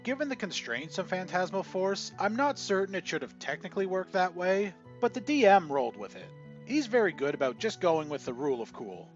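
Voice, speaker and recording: A man narrating a scripted tabletop gaming story in an animated storytelling manner. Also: sits high, a little fast. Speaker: channel narrator. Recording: dull lo-fi audio with faint music.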